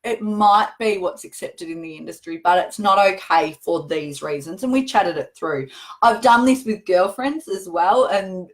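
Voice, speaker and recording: A middle-aged woman hosting a show, talking earnestly and conversationally to camera, with emphatic repetition. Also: medium pitch. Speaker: host answering viewer questions. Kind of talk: casual direct-to-camera talk.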